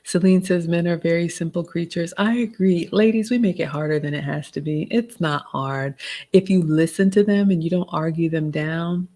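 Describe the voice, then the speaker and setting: A woman's voice: fairly low pitch, normal speed, dark tone. A Southern woman in her forties with a Southern accent, hosting a casual livestream Q&A, reading viewer comments aloud and giving polished, motherly advice. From American South. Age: 40s. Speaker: livestream host answering chat.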